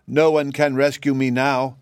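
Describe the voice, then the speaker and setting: A man's voice: mid-range voice, normal speed, no echo, clean studio sound, close to an everyday voice. A man voicing a gloomy, despairing man hiding away under a curse of ugliness, with a sad, hollow voice. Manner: wailing, gloomy.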